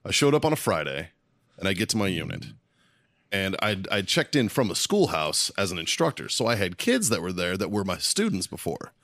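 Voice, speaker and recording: A man with a fairly low voice tells rowdy military stories, cursing and laughing as he goes. The sound is dry and close, with no room around it. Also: fairly quick, no echo. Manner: profane, animated, laughing storyteller. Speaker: podcast co-host. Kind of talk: casual storytelling.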